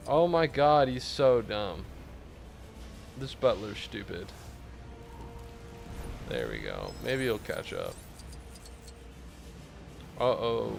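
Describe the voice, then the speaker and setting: Creaky-voiced man streaming a game. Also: mid-range voice, background noise. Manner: deadpan mock-serious, swearing. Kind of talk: casual gameplay chat with viewers.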